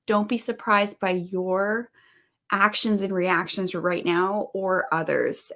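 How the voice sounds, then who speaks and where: Woman podcast host, mid pitch, earnest and upbeat, leans hard on key words. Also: slow, gravelly. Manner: earnest, upbeat, lively emphasis. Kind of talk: hosted interview podcast.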